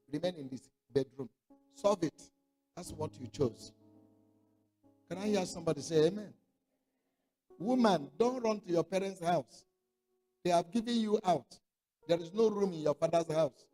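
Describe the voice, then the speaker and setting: A man with a notably high voice delivers a sermon, pressing his points with firm, repeated commands. He calls out for the congregation to answer back, and faint music sits quietly behind him. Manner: emphatic, repeats commands, call-and-response. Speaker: preacher.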